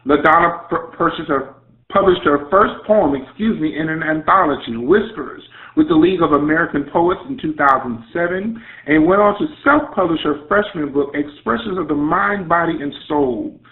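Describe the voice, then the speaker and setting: A man's voice: a little high, expressive, moderate pace. Effusive Southern man hosting radio. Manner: effusive, playful hype with Southern slang. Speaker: radio show host. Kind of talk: online radio interview introduction. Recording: tinny phone-line audio.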